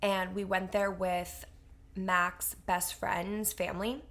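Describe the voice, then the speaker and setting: A woman's voice: mid-range voice, slow. A young woman co-hosting a podcast, telling stories in casual chat with lots of "like" fillers. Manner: animated storyteller, heavy use of "like". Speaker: podcast co-host.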